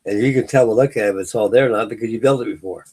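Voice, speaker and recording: A man's voice: lowish voice, racing, darkish tone, slightly rough. A middle-aged man from California hosting a late-night live hangout stream, chatting casually and telling rambling stories full of fillers and restarts. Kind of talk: casual chat.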